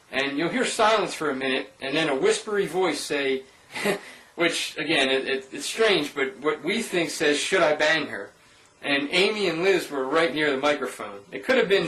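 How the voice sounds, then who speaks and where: A paranormal investigator with a fairly high, slightly bright voice casually voices over his ghost-hunting clips, speaking informally to his viewers. It's a low-quality recording made on a distant mic in an echoey room.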